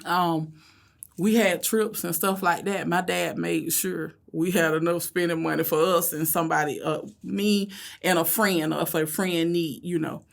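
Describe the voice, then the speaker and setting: Gravelly Southern woman telling stories. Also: a little slow. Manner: animated storyteller, acts out kids and herself in loud high voices. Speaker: school bus driver. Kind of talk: conversational interview.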